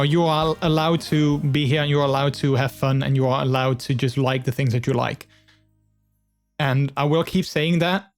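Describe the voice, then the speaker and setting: A man streaming live, chatting with his viewers in a rambling, earnest way full of fillers. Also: a little high. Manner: open and earnest. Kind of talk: casual live-stream chat.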